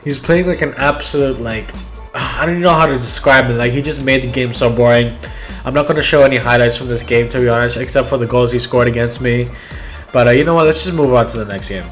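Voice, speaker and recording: A young man commentating his own football video game matches, talking straight to viewers and yelling at goals and near misses. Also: medium pitch, fast talker, soft background music. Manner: talks straight to viewers, calls them guys. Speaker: gaming YouTuber. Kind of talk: live gameplay commentary.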